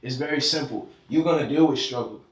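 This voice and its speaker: A man's voice: mid-range voice, quick pace. A man from Georgia, a podcast guest, talking in a fervent, preachy way and swearing freely in a casual heart-to-heart conversation. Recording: echoey room, distant mic.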